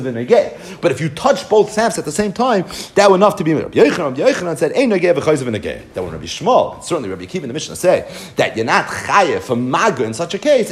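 A man teaching a Talmud lesson, animatedly acting out the rabbis' exchanges and mixing Hebrew and Aramaic terms into English. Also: fairly high pitch. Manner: animated, acts out the rabbis' dialogue.

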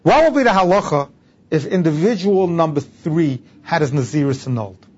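Man teaching Talmud, husky lo-fi voice. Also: on the high side, lively intonation, normal speed, a little mellow. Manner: explains step by step, repeats terms for emphasis. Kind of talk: Talmud class lecture. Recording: dull lo-fi recording.

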